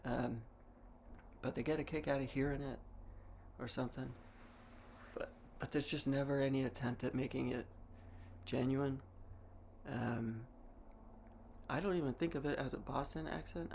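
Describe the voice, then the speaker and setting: A man's voice: medium pitch, steady tone, normal speed, creaky, long pauses, darkish tone, a little hiss or hum. A young man from Massachusetts, talking to camera in a rambling, wry way, with restarts and small laughs. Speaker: vlogger. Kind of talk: casual monologue.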